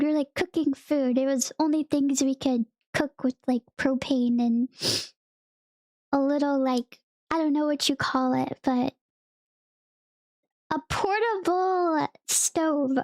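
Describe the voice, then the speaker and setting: A woman's voice: high voice, slow, long pauses, darkish tone, no room sound, clean studio sound. A young woman streamer chatting casually to her viewers, rambling through a story and laughing often between sentences.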